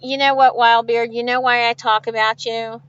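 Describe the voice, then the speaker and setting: A woman trucker with a fairly high voice, chatting on a live stream from inside her cab. She laughs easily and answers viewer comments one after another. The sound is dull and lo-fi, picked up by a phone. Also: level tone, normal speed, fairly bright tone, clean tone. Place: inside a truck cab with refrigeration unit running. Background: refrigeration unit hum.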